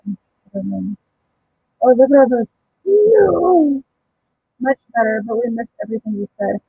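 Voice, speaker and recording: A woman's voice: a little high, fairly even intonation, brisk, vocal fry, narrow, tinny audio, slight background noise. A woman hosting a crafting live stream, chatting casually, reading viewer comments aloud and laughing often. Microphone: home microphone.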